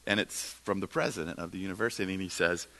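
Brief: middle-aged male church speaker, bright-toned, animated anecdotal storytelling. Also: fast talker. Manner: animated storyteller, quotes others in lowered voice. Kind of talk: storytelling sermon talk.

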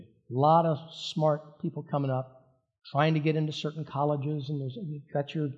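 A man's voice: fairly high pitch, mellow, muffled recording. A middle-aged man, a pastor, preaching in a church in an earnest, conversational way with emphatic repetition. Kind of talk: sermon. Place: church sanctuary.

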